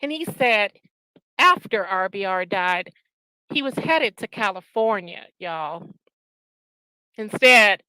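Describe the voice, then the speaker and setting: A woman's voice: medium pitch, sharp tone, clean tone, no echo, low-quality recording. A woman hosting her own channel, ranting with profane, scornful and confrontational talk. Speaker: channel host. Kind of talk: angry ranting commentary.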